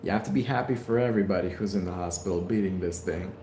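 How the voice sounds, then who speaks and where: Streaming from a hospital room, a man with a low, warm voice talks quickly in a rambling, heartfelt way, full of fillers, during a casual live chat. The sound is reverberant, with a little hiss or hum.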